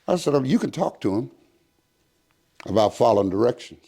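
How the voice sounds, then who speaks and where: A man's voice: medium pitch, fairly quick, long pauses. An older man, a retired prison captain, telling a story in an interview and acting out the voices of the people in it. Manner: animated storyteller acting out dialogue in quoted voices.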